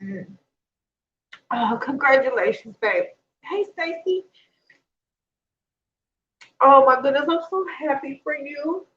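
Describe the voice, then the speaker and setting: A woman's voice: high-pitched, expressive, takes it slowly, long pauses, dull audio. A woman chatting casually straight to her viewers on a livestream, in a talkative, emotional way. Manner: chatty, talks straight to viewers, emotional and tearful when reading good news. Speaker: vlogger.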